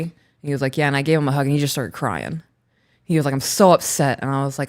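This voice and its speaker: A woman in her thirties, co-hosting a casual chat and telling a story in an animated way, laughing as she talks. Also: very deep voice, fast. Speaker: podcast co-host.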